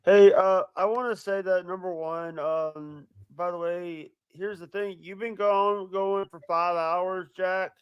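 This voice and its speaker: A man's voice: sits high, fairly even intonation, takes it slowly, few pauses, smooth, dry recording, dull audio. A friendly man dropping into a livestream on a cheap headset, apologetic and easygoing. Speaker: caller on a livestream. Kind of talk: casual chat.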